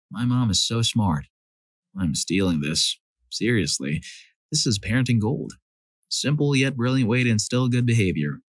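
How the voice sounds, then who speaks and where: A man narrating a series of reader-submitted stories as a scripted storyteller, lively when he voices the quoted lines. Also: lowish voice, no room sound.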